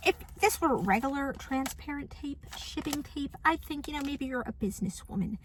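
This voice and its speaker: A woman's voice: high-pitched, expressive, moderate pace, a little hiss or hum. A young woman telling a story on her couch in a sassy, dramatic, mocking vlog style. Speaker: vlogger. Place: apartment living room.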